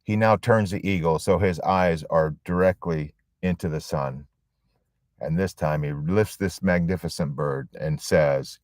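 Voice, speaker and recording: A man with a very low, somewhat dark voice preaches a story-based sermon to a support group. Emphatic wording and long, dramatic pauses carry his points, and the sound is close and dry.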